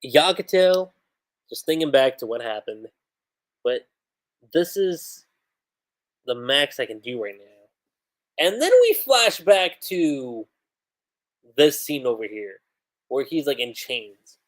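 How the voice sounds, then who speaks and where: A man's voice: mid-range voice, very animated, takes it slowly, long pauses. A man on a livestream, casually recapping and reading out comic panels, rambling with slangy asides. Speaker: livestream manga reviewer.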